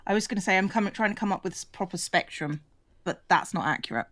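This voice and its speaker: A woman's voice: medium pitch, animated, quick pace, fairly bright tone, no echo. Dry, teasing woman on a live stream. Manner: dry, teasing, matter-of-fact. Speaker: co-host guest. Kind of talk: casual live-stream chat.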